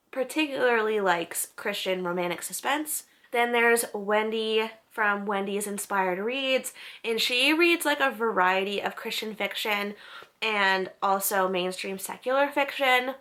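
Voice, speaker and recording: A woman's voice: mid-range voice, sharp tone. A young woman casually talking through book channels she recommends, in a chatty, upbeat way. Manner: chatty, upbeat, unsure of name pronunciations. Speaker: book vlogger.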